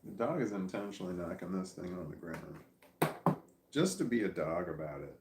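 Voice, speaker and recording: A man's voice: low voice, animated, brisk, reverberant, heavy background noise. A sleepy man rambling chattily at home, talking casually to the camera. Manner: meandering, chatty, self-amused. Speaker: vlogger. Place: at home with his dog.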